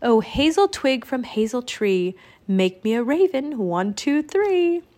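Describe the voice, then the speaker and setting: A woman's voice: a little high, big pitch swings, takes it slowly, a little mellow. An impulsive young boy magician, as a woman reader puts him on in a storybook, chanting rhymes with eager confidence, his voice raised above her own. He charges ahead, enthusiastic and rash. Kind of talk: audiobook reading.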